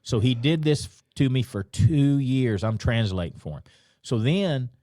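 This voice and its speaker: A man's voice: medium pitch, animated, a little slow, warm tone, dry recording. Middle-aged man, retired police guest, easygoing storyteller, dry sound. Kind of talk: casual storytelling.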